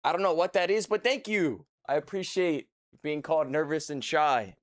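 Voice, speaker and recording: Sitting a few feet from his desk mic at home, a young livestream host keeps things casual with jokes and playful mock seriousness. He speaks at a normal speed in a fairly high voice, with studio-quality sound and no room noise.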